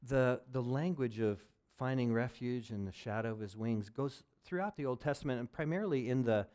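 A man's voice: medium pitch, a little fast. Passionate preaching man. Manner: passionate, swings between loud urgency and quiet intimacy. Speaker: pastor. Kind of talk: sermon.

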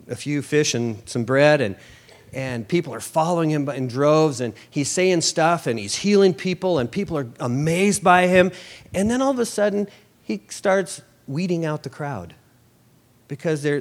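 A man preaching a sermon in a conversational way, with rhetorical questions and wry asides. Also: fairly high pitch.

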